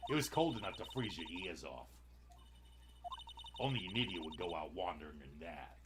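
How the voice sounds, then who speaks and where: A man's voice: sits low, lively intonation, moderate pace, background noise. A man co-hosting a game playthrough, reading the dialogue aloud in a dramatic voice and breaking off into goofy asides. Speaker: let's-play co-host. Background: game music.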